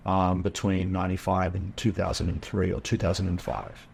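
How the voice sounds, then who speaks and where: Lively Australian man telling a story. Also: deep voice, normal speed, gravelly, slight background noise. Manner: animated, acts out quoted dialogue. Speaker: podcast guest, entrepreneur. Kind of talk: casual storytelling.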